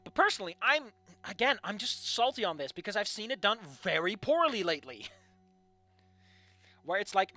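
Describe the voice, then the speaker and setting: A man's voice: high-pitched, normal speed, pauses often, no echo, soft background music. A young man reading fan fiction aloud and critiquing it in a sarcastic, profane rant. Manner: animated, sarcastic, profane ranting.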